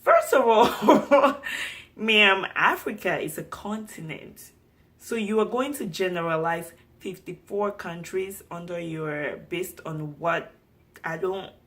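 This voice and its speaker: Animated young Cameroonian woman telling a story. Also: fairly low pitch. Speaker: vlogger. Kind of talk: storytime vlog.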